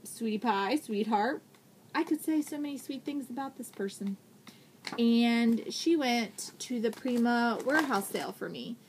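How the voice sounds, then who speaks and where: A woman with a fairly high voice gushes over craft goodies as she unpacks them on camera, breathless with excitement and full of thanks. Paper crinkles and faint clicks sit under her chatter, with light noise in the background. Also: a little slow. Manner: gushing, excitable, keeps thanking the sender. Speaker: vlogger unboxing craft mail. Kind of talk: casual unboxing chat.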